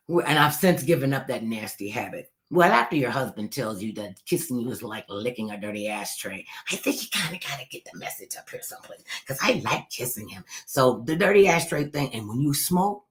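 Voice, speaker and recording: A middle-aged woman telling family stories in a casual monologue, animated, acting out quotes and swinging from loud to hushed. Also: rumbling low.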